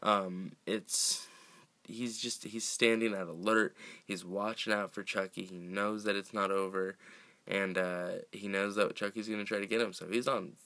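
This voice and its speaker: A man's voice: fairly low pitch, fairly even intonation, moderate pace, bright, forceful tone, no room sound. A man hosting a casual film recap podcast, rambling with frequent laughs and restarts. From United States.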